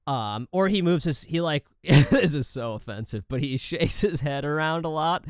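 A man in his thirties co-hosting a casual podcast, telling swearing, animated family stories and acting out the voices. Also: on the high side, moderate pace, clear, resonant tone, no echo, studio quality. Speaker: podcast co-host. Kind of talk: casual chat.

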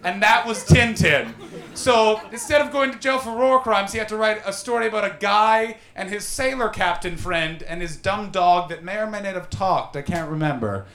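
A man's voice: high-pitched, moderate pace, few pauses, a little hiss or hum. Brash stand-up comic man in an echoey room. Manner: animated storytelling, mocking crowd work with put-on voices. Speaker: stand-up comedian. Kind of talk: stand-up comedy set. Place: comedy venue with live audience. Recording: roomy live venue echo.

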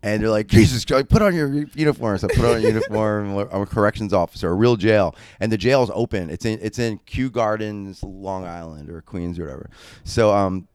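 Young male podcast co-host, low smooth voice, rambling and profane storyteller. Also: a little fast, no echo, clean studio sound. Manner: animated, profane, rambling with many fillers. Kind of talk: casual storytelling.

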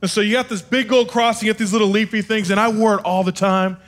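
A man preaching from a stage, telling his own story in an animated, self-deprecating and humorous way. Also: sits high, fast talker. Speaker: speaker. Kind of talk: sermon with personal storytelling.

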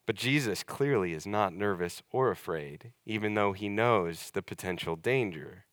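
Young guy pastor preaching, chatty but stresses words slow, dry close sound. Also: lowish voice, lively intonation, fairly bright tone, dry recording. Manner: conversational, emphatic with slow deliberate stresses. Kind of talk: sermon.

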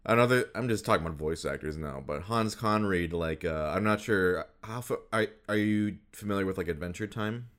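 A man's voice: deep voice, fairly quick, hardly any pauses, a bit bright. A man chatting casually about cartoons and voice actors, rambling with many fillers and restarts. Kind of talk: casual chat.

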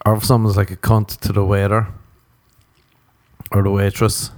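A man's voice: lowish voice, flat delivery, moderate pace, no echo. A man talking in a casual comedic monologue, rambling and self-mocking, swearing constantly as he drifts between asides.

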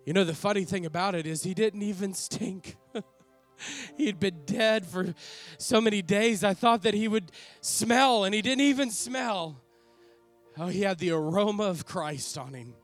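A man's voice: sits high, moderate pace, faint music behind, natural voice. A man playing an earnest apostle in a dramatic first-person monologue, speaking with reverent, emotional awe. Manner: reverent, emotional, lingering on sighed exclamations. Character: awestruck older male apostle, earnest ex-fisherman.

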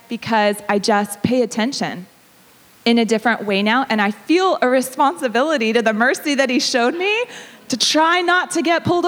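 A woman in her thirties shares a personal story as part of a sermon, speaking in a casual, conversational way. She laughs easily between lines, her voice at an ordinary middle pitch. The sound carries the long reverb of a large church hall. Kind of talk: sermon testimony.

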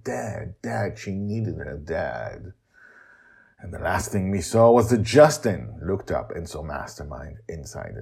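A man hosting and narrating a serialized story podcast in an animated, playful way. His voice is deep and a bit husky, and his pitch swings widely as he tells the tale.

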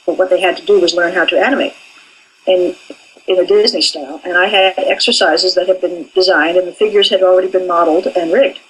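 A woman's voice: on the low side, fairly even intonation, fairly quick, husky, rough recording. An older woman, an animation professor, speaking candidly in an interview about her training. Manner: candid and forthright.

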